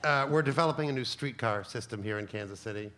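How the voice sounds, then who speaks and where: A man's voice: mid-range voice, fast, pushed and bright. A man hosting a comedy panel, asking questions in an easygoing, jokey way. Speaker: host.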